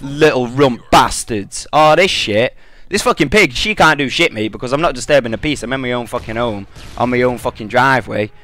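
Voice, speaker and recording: A man's voice: mid-range voice, fairly quick, sharp tone. A young British man in a gaming commentary rant, telling an angry, profane story.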